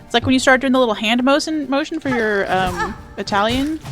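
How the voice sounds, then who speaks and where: Over music, a young woman with a high-pitched, expressive voice talks fairly quickly while gaming on stream. She's chatty and playful, reading her viewers' messages and responding to them.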